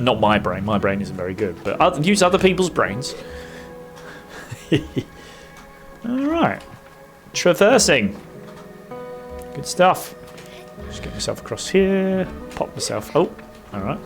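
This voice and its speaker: A man talks through his gameplay as a streamer, chatty and self-mocking, filling gaps with ums and little hums. His voice sits at an everyday middle pitch. Soft game music plays faintly underneath. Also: creaky. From United Kingdom. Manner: chatty and self-mocking, frequent fillers and playful humming. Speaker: gaming streamer. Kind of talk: casual gameplay commentary.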